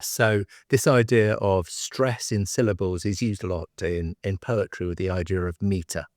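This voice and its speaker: Low-voiced male podcast host, dry sound. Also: steady tone, moderate pace, a little mellow, dry recording. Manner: thoughtful, restarts and repeats words while building points. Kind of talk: explanatory podcast conversation.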